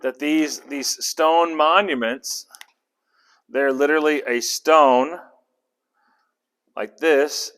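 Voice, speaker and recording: A male Bible study teacher with a mid-range voice. He talks in a casual, animated, conversational way. He keeps putting questions to a small group. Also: medium pitch.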